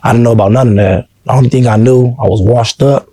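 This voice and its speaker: A man's voice: medium pitch, steady tone, quick pace, warm tone, dry recording. A man being interviewed, telling his life story in an earnest, heartfelt way and constantly adding "you know what I'm saying.". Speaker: interview guest. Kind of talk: casual personal storytelling.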